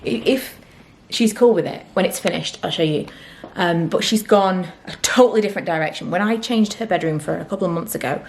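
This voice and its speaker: Chatty woman, low-pitched. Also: brisk, hardly any pauses, slight background noise. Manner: candid, chatty, drifting into whispers. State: out of breath. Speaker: vlogger. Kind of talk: casual chat to camera.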